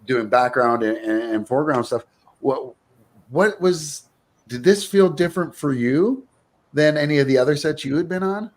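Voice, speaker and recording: A man hosting a casual interview show, asking questions with many pauses and fillers. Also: a little high, lively intonation. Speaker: podcast host.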